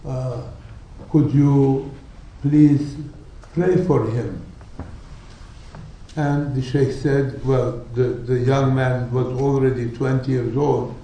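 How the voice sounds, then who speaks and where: A man preaching a sermon, telling stories slowly and deliberately and acting out the people in them. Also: medium pitch, steady tone, warm tone, a little hiss or hum. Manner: slow, deliberate storytelling with dramatic quoted voices. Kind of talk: sermon storytelling. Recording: echoey hall, speaker far from mic.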